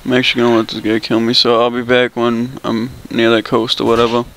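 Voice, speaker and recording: A man's voice: mid-range voice, monotone, quick pace, a bit bright, slight background noise, poor audio. Casual young man narrating gameplay. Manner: loose, swearing, thinking aloud. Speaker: gameplay video creator.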